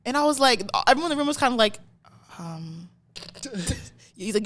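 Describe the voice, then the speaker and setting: A woman's voice: fairly high pitch, a little fast, long pauses. A woman co-hosting a podcast, telling stories in casual chat and acting out the quotes. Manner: animated storyteller, acts out quotes. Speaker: podcast co-host.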